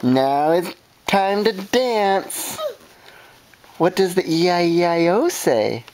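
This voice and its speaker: A woman's voice: lowish voice, lively intonation, slow pace, darkish tone. A young woman, a parent at home, chatting playfully with her toddler in a sing-song, coaxing way, laughing often, filmed on a home video camera.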